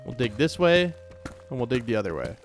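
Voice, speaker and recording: A young man casually commenting on his own gameplay in a chatty, joking way, quick to get startled and to repeat himself. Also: mid-range voice, very animated, soft background music. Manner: chatty, jokey, easily startled, repeats phrases. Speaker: let's play gamer.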